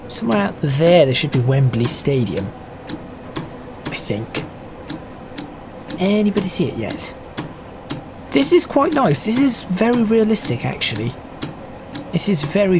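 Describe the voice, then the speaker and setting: A man's voice: on the high side, very animated, measured pace, long pauses. A man giving casual, stop-start gameplay commentary as a video host. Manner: chatty, stop-start, self-correcting. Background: train sim game noise.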